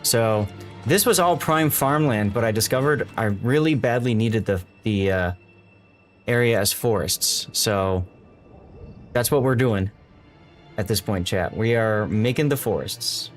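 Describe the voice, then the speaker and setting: A man with a fairly low voice speaks a little slowly while live-streaming a city-building game, with faint music playing behind him. He thinks aloud and greets his chat as he plays, in a casual gameplay-commentary style.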